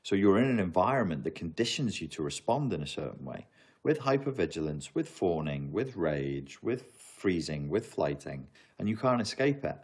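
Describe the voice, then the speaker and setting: A man with a notably deep, low-pitched voice talks casually to his livestream audience. He reads viewer questions aloud and answers with a mix of joking asides and earnest advice, laughing often. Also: big pitch swings, moderate pace, darkish tone, husky.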